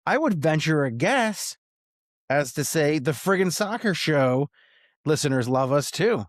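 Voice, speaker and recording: A man's voice: fairly high pitch, big pitch swings, unhurried, dry recording, clean studio sound. A man co-hosting a soccer podcast in casual chat, joking and given to mock-grand rants. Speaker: podcast co-host.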